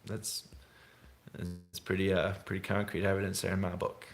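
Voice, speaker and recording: Man, young, low-pitched voice, rambling live-stream chat, laid-back, laughs a lot. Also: monotone, normal speed. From England. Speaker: snowboard vlogger hosting a livestream.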